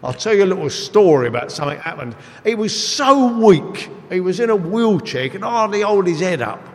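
A man preaching a sermon, telling stories in an animated, emphatic way. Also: high-pitched, brisk. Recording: echoey hall with long reverb.

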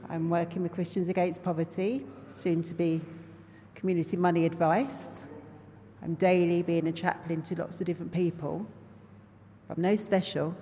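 A woman's voice: fairly low pitch, a little mellow, in a large hall, slight background noise. A woman with a London accent giving an earnest, conversational testimony sermon to a congregation. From England. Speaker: lay preacher.

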